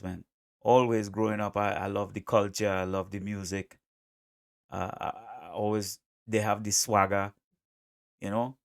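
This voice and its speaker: A man with an American accent giving casual, chatty reaction commentary, excitable and quick to laugh, with plenty of fillers. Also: fairly low pitch, dry recording, clean studio sound. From USA, South America and the Caribbean. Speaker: reaction video host.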